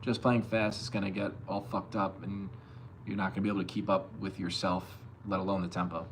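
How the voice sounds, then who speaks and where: A young man from Long Island streaming live as a bass player, loosely reading chat and answering with plenty of swearing. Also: level tone, a little fast, slight background noise. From Long Island, New York. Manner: loose and profane, reads chat aloud and answers.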